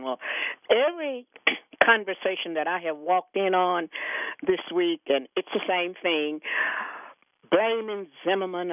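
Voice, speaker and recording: A woman's voice: lowish voice, expressive, moderate pace, no echo. A woman calling in to a talk radio show, impassioned and indignant, often stammering on repeated words. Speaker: caller. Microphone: telephone. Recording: tinny phone line.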